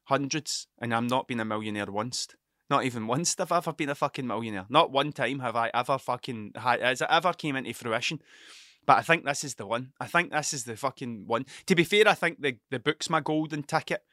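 Sweary hungover man, tense bright voice. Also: mid-range voice, fairly quick, no echo, clean studio sound. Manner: heavy swearing, restless, self-mocking. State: hungover and sleepless. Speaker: podcast host. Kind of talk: rambling casual monologue. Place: cluttered room at home.

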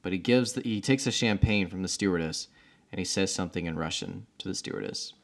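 Low-voiced man in laid-back podcast chat. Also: fast talker, vocal fry. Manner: relaxed, rambling asides, laughs. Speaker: podcast co-host. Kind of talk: casual chat.

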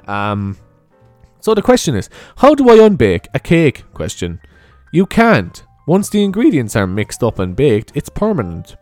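A man's voice: lowish voice, dry recording. Young guy reading dumb online questions, swears a lot, cracks himself up, voice jumps all over. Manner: rambling, sweary, prone to giggling. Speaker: video host. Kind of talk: reading online questions aloud with comedic commentary.

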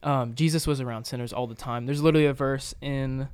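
A man's voice: mid-range voice, fairly even intonation, quick pace, darkish tone, clear, resonant tone, no echo. A man co-hosting a casual podcast, earnestly explaining a Bible passage with frequent fillers and restarts. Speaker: podcast co-host.

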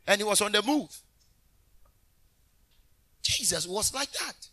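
High, lively preaching man. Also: slow. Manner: animated preaching with sudden shouted bursts; talks directly to the congregation. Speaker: minister. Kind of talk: sermon.

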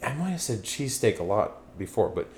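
Rambling, foul-mouthed young podcast host. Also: male voice, lowish voice, very animated, fairly quick, a little mellow, a little hiss or hum. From Pennsylvania. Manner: rambling, profane, loses his train of thought. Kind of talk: casual chat.

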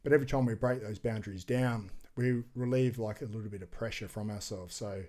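A man who is an extreme sports athlete tells a story as a podcast guest, casual and animated, acting out quoted voices and swearing freely. His voice is lowish and brisk.

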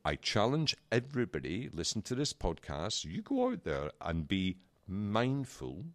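A middle-aged man with a very low voice recounts a frustrating episode with animated indignation. He talks casually as a podcast co-host, close to a dry, dead-sounding mic. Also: measured pace, no room sound. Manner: animated, exasperated anecdote-telling. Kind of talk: casual chat, storytelling.

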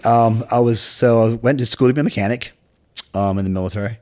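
A middle-aged man from Scotland with a Scottish accent, telling stories from his life in a casual interview, halting and full of restarts. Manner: halting, many restarts, low and quiet asides. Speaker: podcast guest.

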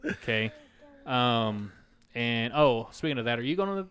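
A man's voice: medium pitch, expressive, a little slow, fairly bright tone, slight background noise. A man from Oklahoma with a drawl, co-hosting a casual podcast with crude, easygoing jokes. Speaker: podcast co-host.

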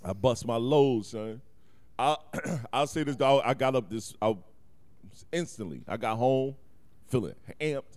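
A man's voice: medium pitch, unhurried. A man co-hosting a podcast, telling stories in casual slang with lots of laughing and profanity. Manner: animated storytelling, profane slang, frequent laughs. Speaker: podcast co-host. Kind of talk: casual chat.

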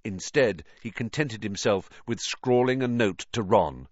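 A man narrating a storybook with an expressive, varied delivery. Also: on the low side, measured pace, dry recording, dull audio. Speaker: audiobook narrator.

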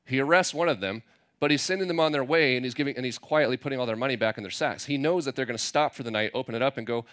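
A man's voice: mid-range voice, very fast, fairly bright tone. Conversational man preaching a sermon. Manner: conversational, mixes scripture reading with playful paraphrase. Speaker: pastor.

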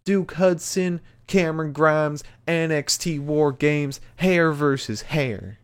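A man's voice: fairly high pitch, slow pace, clear, resonant tone, pitched above the performer's own voice. A man acting a brash wrestler issuing a challenge. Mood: taunting. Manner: taunting, forceful challenge.

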